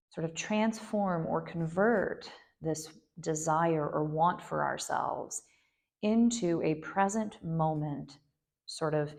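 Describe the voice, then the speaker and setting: A woman guiding a yoga nidra meditation in a gentle, unhurried way, with soft asides and frequent fillers. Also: low-pitched, vocal fry. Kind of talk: guided meditation instruction.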